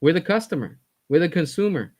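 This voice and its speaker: A man's voice: on the high side, animated, a little fast, a little mellow. A man hosting his own commentary stream, ranting in a heated, blunt way. He swears, repeats himself for emphasis and sounds fed up. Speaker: commentary host. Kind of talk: heated opinion rant.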